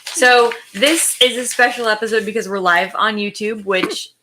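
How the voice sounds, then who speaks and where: A woman's voice: medium pitch, normal speed. A woman hosting a podcast in casual chat, teasing and laughing with her co-hosts. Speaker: podcast host. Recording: noisy recording.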